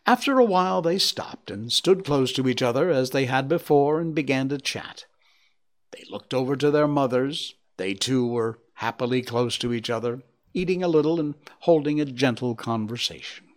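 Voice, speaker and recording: A man reading a children's story aloud, bringing the characters to life with a varied voice. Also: normal speed. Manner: lively, voicing characters with shifting pitch. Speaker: narrator.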